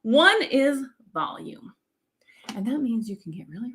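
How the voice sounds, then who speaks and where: Energetic middle-aged woman coach, fairly high voice, pitch jumping all over, keeps asking okay?. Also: unhurried. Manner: energetic, teacherly, checks in with "okay?". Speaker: speaking coach. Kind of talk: live-stream coaching lesson.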